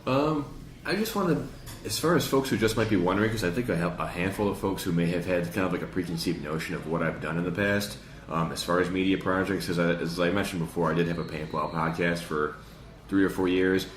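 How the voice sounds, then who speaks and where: A man's voice: deep voice, brisk, roomy sound, a little hiss or hum. A man with a Chicago accent hosting a podcast in casual chat, rambling and joking with lots of fillers. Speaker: podcast host.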